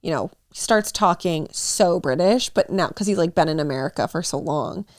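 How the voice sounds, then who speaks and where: A woman's voice: lowish voice, lively intonation, moderate pace, darkish tone, no room sound, clean studio sound. A young woman co-hosting a podcast, reading a story aloud and chatting casually with swearing and laughter. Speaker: podcast co-host.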